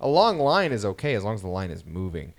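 A man's voice: on the low side, fast talker, creaky. A man in his thirties co-hosting a podcast, telling family stories in casual chat and acting out what his kids said. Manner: lively storytelling, acting out his kids' lines. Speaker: podcast co-host.

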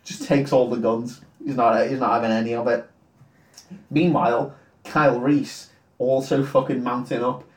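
A man's voice: medium pitch, steady tone, moderate pace. A man, co-hosting a podcast and retelling a film's plot in a sweary, laughing, casual way. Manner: sweary, storytelling recap, laughs often. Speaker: podcast co-host. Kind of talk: casual chat retelling a film. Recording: roomy, distant mic.

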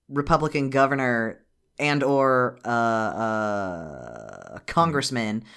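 A woman's voice: rumbling low, expressive, fairly bright tone. A woman co-hosting a casual podcast, retelling a cartoon's plot with lots of swearing and laughter. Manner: profane, laughing, fast retelling. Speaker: podcast co-host. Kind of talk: casual chat reviewing a cartoon.

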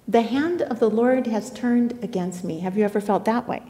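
A woman giving an earnest, expressive sermon on a Bible passage, retelling and explaining the story. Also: on the high side, normal speed, few pauses. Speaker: Bible teacher. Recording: echoey hall.

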